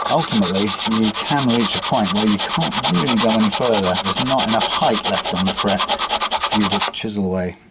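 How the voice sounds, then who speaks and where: Working on a fret repair at his bench, a guitar tech with a lowish voice chats casually, thinking out loud and full of fillers and false starts. The clip is loud with the rasp of a file and the sanding of metal frets beneath his words.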